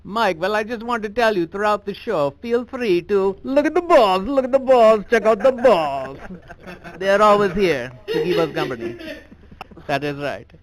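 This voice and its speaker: A comedian doing a brash, crude character with a thick put-on Indian accent, pitched a little high and swearing freely. The delivery is loud and punchy, built for a comedy crowd. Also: male voice, moderate pace, close to an everyday voice. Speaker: stand-up comedian. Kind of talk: stand-up comedy in a virtual club.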